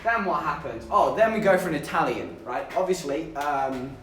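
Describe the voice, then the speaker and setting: A man's voice: fairly high pitch, normal speed, a bit bright, recorded from a distance, slight background noise. A young man from southern England chatting casually to his livestream chat, telling stories with giggles along the way. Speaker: streamer. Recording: echoey room, voice a bit off-mic.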